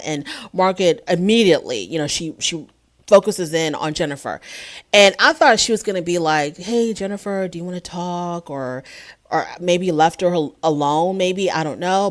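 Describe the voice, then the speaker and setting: A woman recaps a reality show episode in a loose, chatty way, full of her own opinions. Her voice sits a little low for a woman. She slips into quick impressions of what the cast members said.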